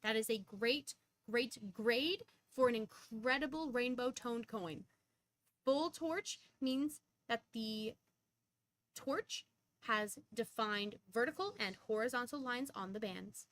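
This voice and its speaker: A young woman with a high voice hosts a coin auction on a live stream, rattling off prices and counting down bids in rapid auctioneer patter. She breaks into sudden bursts of excitement. There's no room sound at all.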